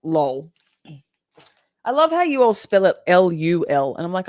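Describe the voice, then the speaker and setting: Woman, low voice, live-stream host, chatty and sweary, dry close mic. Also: big pitch swings, slow pace, long pauses, dry recording. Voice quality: swears freely, emotional and chatty. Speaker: livestream host reading chat. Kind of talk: casual live-stream chat.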